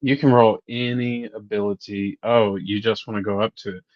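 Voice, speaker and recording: A man running a tabletop game as game master, narrating the scene with frequent ums and pauses. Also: lowish voice, little pitch movement, no room sound. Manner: hesitant, many ums while narrating. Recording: dull, dry lo-fi mic.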